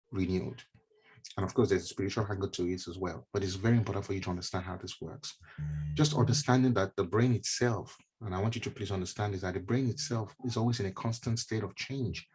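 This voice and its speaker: A man's voice: fairly low pitch, breathy edge. A man, a neurologist, giving a conversational mentorship talk with slides, repeating key phrases and dropping casual asides. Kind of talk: motivational teaching talk with slides. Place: online stream presentation.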